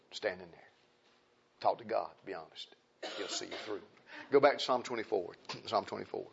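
A man preaching a sermon in a folksy way, dropping to hushed asides and rising to loud exclaims. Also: fairly low pitch, moderate pace, creaky, long pauses, slight background noise. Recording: dull lo-fi sound.

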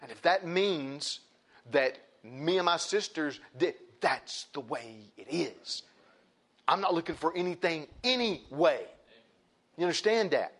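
Animated preacher man. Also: a little high, a little slow. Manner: emphatic, repetitive, folksy asides to the congregation. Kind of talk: sermon.

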